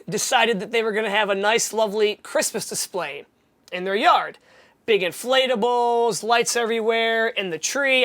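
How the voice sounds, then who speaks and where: A woman's voice: fairly high pitch, fairly bright tone. A woman hosting a casual podcast chat who tells a story with animation and acts out the voices of the people in it. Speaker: podcast host.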